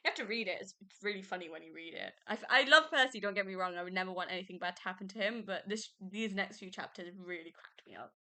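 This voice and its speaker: A woman's voice: medium pitch, fast, hardly any pauses, pushed and bright. A young woman hosting a podcast, chatting casually and emotionally about a book she loves, often laughing. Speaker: podcast host. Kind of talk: casual book review chat.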